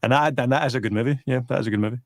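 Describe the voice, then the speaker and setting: A man's voice: mid-range voice, racing, dry recording, studio quality. Scottish man in rambling film chat. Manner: rambling, with lots of restarts. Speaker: podcast host.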